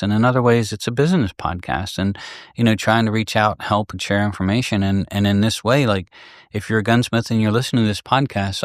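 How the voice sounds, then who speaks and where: A middle-aged man hosts his shop's podcast in a lowish, easygoing voice. He tells stories candidly and rambles a bit, restarting his sentences. The sound is dry and close, with no room echo. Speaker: gunsmith and podcast host. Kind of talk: casual storytelling podcast.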